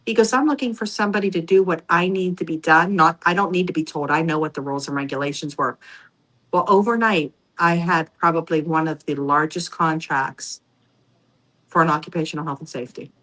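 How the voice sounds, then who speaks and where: A middle-aged woman, a podcast guest, telling personal stories in a casual, animated way and acting out the voices of other people. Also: low voice, a little fast, low-quality recording. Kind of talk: casual storytelling.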